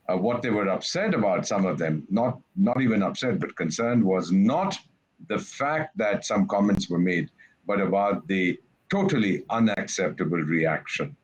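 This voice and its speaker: A man's voice: sits low, husky, low-quality recording. An older man, a retired ambassador giving candid, sardonic interview answers and acting out quoted voices. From India.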